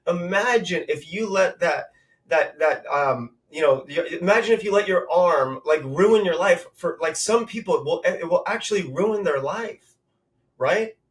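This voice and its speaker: A man in his thirties, from Southern California, telling stories of his career with emphatic repetition and a motivational push. His voice sits high for a man and sounds a little distant from the microphone. The delivery is conversational but driven. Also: expressive, measured pace. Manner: emphatic, motivational, repeats words for punch. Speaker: guest, real estate investor. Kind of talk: conversational storytelling.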